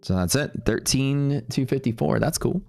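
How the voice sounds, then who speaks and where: A man's voice: medium pitch, expressive, moderate pace, vocal fry, darkish tone, faint music behind. A man hosting a live day-trading stream, talking loosely and rambling, with some casual swearing. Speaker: day-trading livestream host.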